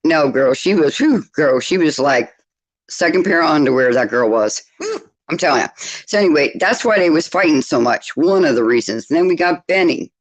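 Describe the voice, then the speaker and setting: A woman guest on a livestream panel, telling gossip stories in an animated way and laughing often. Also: low-pitched, fairly quick, rough recording. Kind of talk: casual gossip chat.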